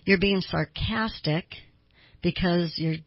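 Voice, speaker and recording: A middle-aged woman hosting a talk radio show, explaining in a chatty way and acting out little quotes in a higher voice. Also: slow, no echo, dull audio. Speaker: radio talk host and counselor. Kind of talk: conversational talk radio monologue.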